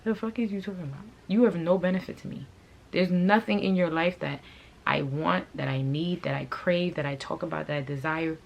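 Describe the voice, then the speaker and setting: Low-voiced woman on a blunt, profane rant. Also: normal speed, vocal fry, lo-fi sound. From from a Haitian family. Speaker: vlogger and clothing brand owner. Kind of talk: storytime rant to camera.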